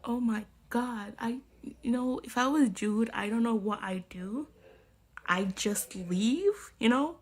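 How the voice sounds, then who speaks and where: A young woman reviewing books in a casual vlog talks slowly in a slightly high voice. She rants about the book she's reading, using slang and swearing freely.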